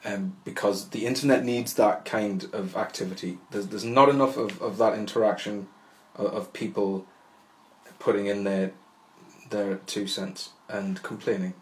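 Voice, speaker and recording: Low-voiced man rambling through a solo podcast. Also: fairly even intonation, normal speed, low-quality recording. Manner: rambling and self-deprecating, full of restarts; wry and jokey. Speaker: podcast host.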